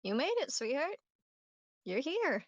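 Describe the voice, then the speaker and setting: A woman voicing a kind, motherly woman who reassures gently. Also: sits high, big pitch swings, unhurried, dry recording, lo-fi sound, voice pushed up. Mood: tender. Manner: warm comforting coaxing.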